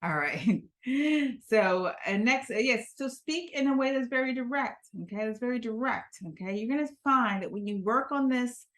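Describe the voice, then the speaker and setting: A woman's voice: on the high side, expressive, moderate pace, fairly bright tone. A woman from the United States, a public speaking coach, giving a motivational talk in an emphatic voice and often checking in with the listener. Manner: emphatic, checks in with frequent "okay?".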